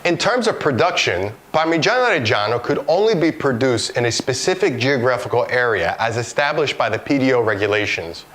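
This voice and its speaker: A man's voice: mid-range voice, very animated, fairly quick, few pauses, fairly bright tone. Man presenting a food lesson. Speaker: course presenter. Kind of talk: scripted educational explainer.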